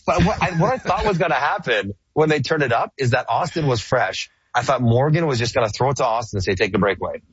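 A middle-aged man, a hockey broadcaster, chatting casually on sports radio, animated and laughing easily with rambling restarts. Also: mid-range voice, fast, few pauses, muffled recording, a little hiss or hum. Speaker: hockey play-by-play broadcaster guest.

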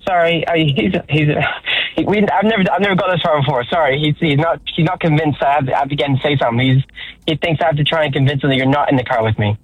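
Flustered fast-talking radio caller, a man. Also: fairly high pitch, slightly rough, no echo, lo-fi sound. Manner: flustered, stumbling.

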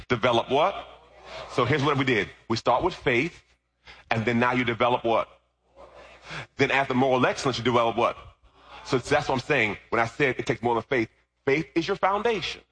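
A man's voice: medium pitch, moderate pace, fairly bright tone, husky. A middle-aged man preaching a sermon, firing call-and-response questions at the congregation. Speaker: pastor.

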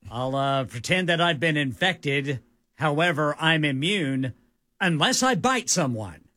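A radio co-host, a man with a bright, forceful voice that rises and falls a lot. He plays along with the jokes in easy banter. His mic sounds dry and close. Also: a little high, expressive, a little slow, dry recording. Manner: playful, goes along with the bits.

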